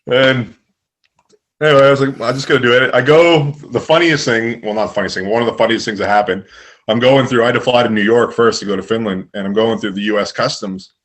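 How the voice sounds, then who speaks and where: A young man, a guest telling stories in a relaxed, rambling way and laughing along. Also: medium pitch, fast. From Canada. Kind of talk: casual storytelling.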